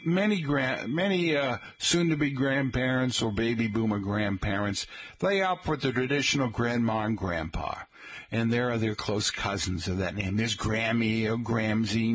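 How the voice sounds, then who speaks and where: Middle-aged guy chatting on the radio, husky voice, folksy and rambly, keeps saying folks. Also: mid-range voice, a bit bright. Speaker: radio host. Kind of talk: casual radio talk.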